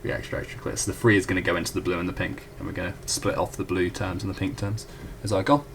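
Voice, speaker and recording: A young adult student tutor rattles quickly through a math proof at the whiteboard in a low, creaky voice with fairly even intonation. He's casual and talkative, often correcting himself with apologetic asides, and background noise is audible.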